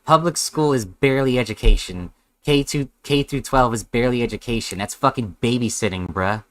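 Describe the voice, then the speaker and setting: A man's voice: medium pitch, fairly quick, no echo. A man streaming a live reaction, sarcastic and rambling, with heavy swearing.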